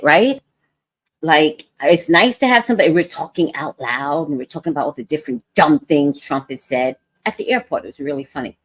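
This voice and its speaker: A woman with a low voice tells a story on a casual livestream, her pitch swinging widely as she acts out what others said. The sound is dry and close, with no room echo. She talks in an animated, conversational way. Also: slightly rough. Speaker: vlog host.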